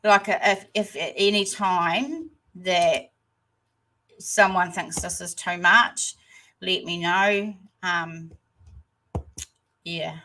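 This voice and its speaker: A New Zealand woman hosting a casual livestream chat, hesitant and rambling with many pauses. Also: on the low side, sharp tone, poor audio. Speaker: channel host.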